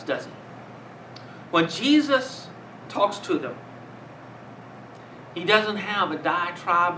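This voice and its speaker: High, bright-voiced older man preaching. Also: slight background noise. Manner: earnest, measured, with rhetorical questions. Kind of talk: sermon. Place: room with a congregation. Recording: roomy, distant mic.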